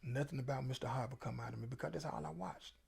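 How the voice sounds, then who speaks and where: A middle-aged man talks as an interview guest, his voice gravelly and husky. He tells stories in an emphatic, preachy way, pressing his points home. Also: mid-range voice, fast talker, a little mellow. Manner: preachy, emphatic, Southern Black vernacular. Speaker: featured guest. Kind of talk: casual storytelling interview.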